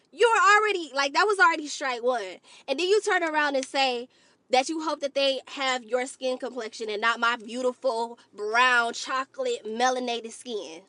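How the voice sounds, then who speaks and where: A woman vlogger telling a story to her viewers in an animated, exasperated way. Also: high voice, dry recording. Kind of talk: storytime commentary to camera.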